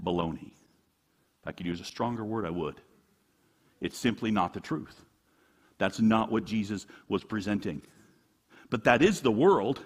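A middle-aged man, a pastor, preaching a sermon in a church in a conversational, animated way, full of rhetorical questions. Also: lowish voice, moderate pace, long pauses, husky.

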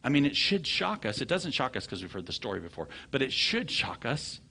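Male pastor, husky and bright, animated sermon delivery with big swings in loudness and pitch. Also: a little fast. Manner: animated storytelling preacher, voice swings from low murmurs to loud high bursts.

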